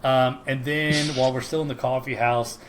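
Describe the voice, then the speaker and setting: A man's voice: medium pitch, fairly even intonation, moderate pace, noisy background. A man co-hosting a podcast, casually recapping a sitcom episode, rambling with many ums and frequent laughs. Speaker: podcast co-host.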